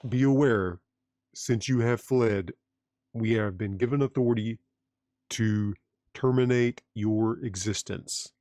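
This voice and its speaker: A man's voice: fairly low pitch, mellow, no room sound. Cold formal bounty hunter guy threatening over comms, a man putting him on, dry sound. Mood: menacing. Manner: formal, menacing, measured.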